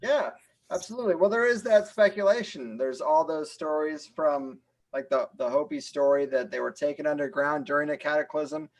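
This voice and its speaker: A man's voice: on the high side, moderate pace, low-quality recording. A man with a slightly raised voice hosts a podcast conversation. He mostly drops in short replies that agree with his guest. Now and then he picks up the thread himself in an easy, casual way. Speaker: podcast host.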